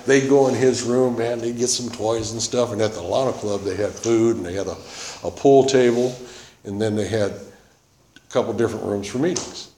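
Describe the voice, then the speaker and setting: A man's voice: on the low side, steady tone, normal speed, dark tone. A man giving a personal testimony in a loose, conversational way, circling back with "you know" and "man". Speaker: speaker sharing his recovery story. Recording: roomy echo with faint noise.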